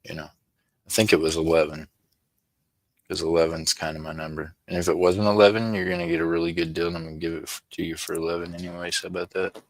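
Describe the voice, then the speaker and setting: A man's voice: sits low, steady tone, quick pace, no room sound. A man hosting a casual live stream, chatting with viewers by name in rambling, joking, slangy banter and laughing often. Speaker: livestream host.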